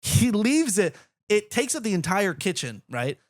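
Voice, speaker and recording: A young man co-hosting a podcast from his apartment, chatting casually and acting out the people in his stories. His voice sits a little high for a man. The sound is dry and close to the mic. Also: moderate pace, dry recording. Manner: animated storytelling, imitates others. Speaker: podcast co-host. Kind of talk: casual chat. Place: apartment living room.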